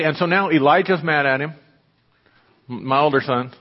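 A man's voice: on the high side, normal speed, pauses often. A man in his thirties preaching a sermon, telling a family story in a conversational, storytelling way with frequent restarts before reading scripture. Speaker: pastor. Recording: dull lo-fi audio with long hall reverb.

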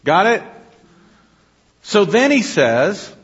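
A man's voice: high voice, very animated, drawn-out words, husky. A man preaching a sermon to his congregation, teaching in a conversational way and often asking them questions. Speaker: pastor. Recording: dull lo-fi audio with long hall reverb.

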